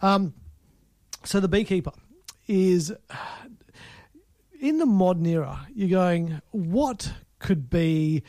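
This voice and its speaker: A man co-hosts a casual film chat in a high, mellow voice, rambling and restarting often. The sound is dry and close. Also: lively intonation, no room sound. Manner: rambling, halting with many restarts and fillers. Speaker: podcast co-host.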